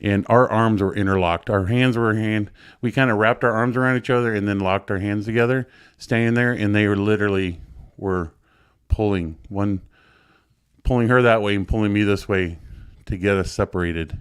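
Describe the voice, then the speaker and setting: A man with a fairly low, smooth and resonant voice tells a hard personal story. He is blunt and profane, with rambling asides. The sound is dry and close. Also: normal speed, dry recording. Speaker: guest sharing his story. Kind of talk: emotional casual storytelling. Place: joining a livestream remotely.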